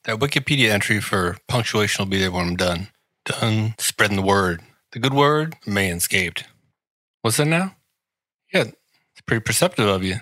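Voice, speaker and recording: A podcast host from Washington, D.C. reads a comedic ad in a lowish, pushed, bright voice, recorded dry. He leans into sarcastic, mock-grandiose flair and teases the listener.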